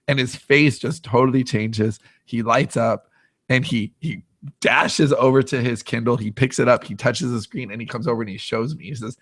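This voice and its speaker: A man's voice: mid-range voice, fairly even intonation, moderate pace, a bit bright, no room sound. Man telling a story with laughs. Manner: self-deprecating, laughs often, many restarts. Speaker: podcast host. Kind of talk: casual storytelling.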